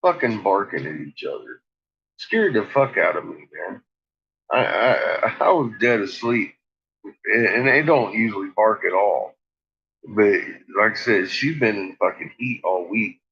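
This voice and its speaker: A man's voice: lowish voice, expressive, a little slow, gravelly, fairly bright tone. A man chatting casually late at night, cooing at his dogs, laughing often and swearing freely, on a slightly dull lo-fi recording. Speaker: vlogger.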